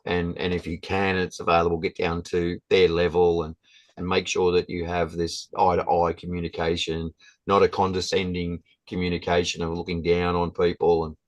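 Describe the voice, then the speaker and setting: A man, a guest telling a story in a halting, casual way with many restarts. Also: sits low, monotone, no echo, highs cut off.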